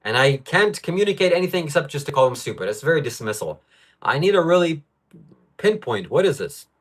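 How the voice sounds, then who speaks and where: A man's voice: a little high, very animated, fairly quick, a bit bright. A man hosting a live stream from home, reading out viewer comments and ranting about them in frustration. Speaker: livestream host. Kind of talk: livestream talk.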